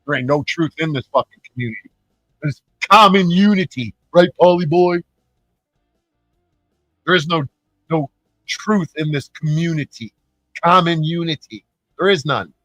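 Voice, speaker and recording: Profane ranting man, higher voice. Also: normal speed, pauses often, fairly bright tone, no echo, highs cut off, faint music behind. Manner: profane, taunting and mocking. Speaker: YouTuber. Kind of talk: angry ranting vlog.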